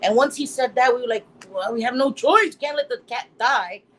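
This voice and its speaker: A middle-aged woman hosting a casual live stream, reading chat comments aloud and telling stories in an animated way, laughing often. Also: fairly high pitch, moderate pace, low-quality recording. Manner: animated storytelling, laughs often, acts out quotes.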